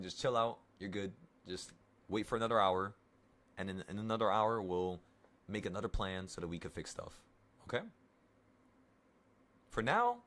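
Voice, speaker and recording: A man's voice: on the low side, fairly bright tone. A man in his twenties, casually talking viewers through an options trade and reassuring them in a rambling, coaching way. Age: 20s. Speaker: options trading streamer. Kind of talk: casual live trading talk to viewers.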